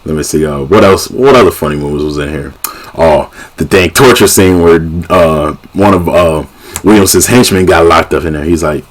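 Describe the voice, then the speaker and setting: A young man vlogging a casual movie recap, an animated storyteller who keeps laughing and acting out the scenes. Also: low-pitched, moderate pace. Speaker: YouTube vlogger.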